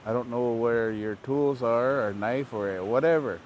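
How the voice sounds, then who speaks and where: A man's voice: mid-range voice, unhurried, a little hiss or hum, natural voice, poor audio. A man voicing a cunning male raven who apologizes politely while scheming. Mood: sly, apologetic. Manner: calm, apologetic, sly.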